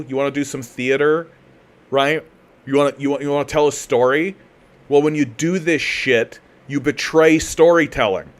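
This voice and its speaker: A man from Canada rants heatedly on his livestream, swearing often and tripping over his words as he restarts his sentences. His voice sits at a middle pitch. Between rants he reads out viewer comments and answers them in a looser, casual tone. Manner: profane, heated ranting with repeated restarts. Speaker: political commentary host. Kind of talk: livestream commentary, reading chat.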